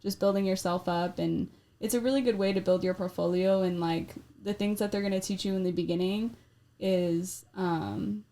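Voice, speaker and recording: A woman's voice: mid-range voice, fairly even intonation, moderate pace, warm tone. A woman who works as a tattoo artist, talking casually as a podcast guest and filling her sentences with "like" and "you know.". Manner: chatty, filler-heavy with frequent "like" and "you know".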